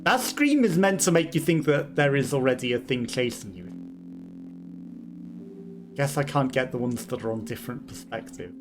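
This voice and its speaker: A man's voice: medium pitch, animated, normal speed, long pauses. A man hosting a let's play, chatting and musing aloud with chuckles as he plays. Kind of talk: casual gameplay commentary. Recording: game music behind the voice. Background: game music.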